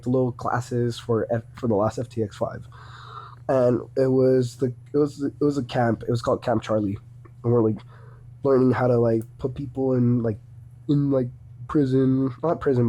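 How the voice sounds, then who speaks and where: A man's voice: mid-range voice, fairly even intonation, moderate pace, mellow. A young man, a podcast guest, telling casual stories in a rambling way, with many restarts and a lot of swearing. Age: young adult. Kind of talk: casual storytelling.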